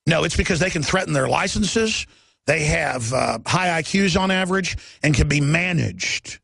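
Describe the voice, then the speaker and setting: A man's voice: fairly high pitch, creaky, a bit bright, no room sound. A middle-aged man hosting a talk radio show, ranting in an agitated monologue full of rhetorical questions.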